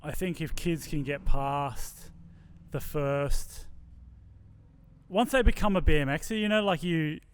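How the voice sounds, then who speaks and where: A man's voice: on the high side, takes it slowly, pauses often, a little hiss or hum. A man hosting a podcast, chatting thoughtfully and casually with restarts.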